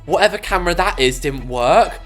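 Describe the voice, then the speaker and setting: A gaming YouTuber, giving excited, dramatic commentary full of gasps and quick reactions. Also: medium pitch, faint music behind.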